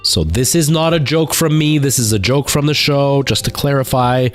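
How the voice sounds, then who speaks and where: A man's voice: medium pitch, moderate pace, faint music behind. A man talking casually on his live stream, telling a rambling story with many fillers and restarts. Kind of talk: casual chat.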